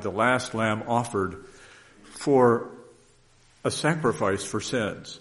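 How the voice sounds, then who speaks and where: A man preaching a conversational sermon in an earnest, folksy way, often restarting his sentences. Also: medium pitch.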